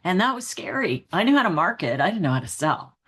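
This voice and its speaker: Woman, middle-aged, low voice, interview guest, candid storyteller, animated, chatty. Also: quick pace, breathy edge. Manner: animated storyteller who acts out her own past thoughts; upbeat and candid, with frequent "like" and "right?". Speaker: guest, emotional intelligence trainer and author.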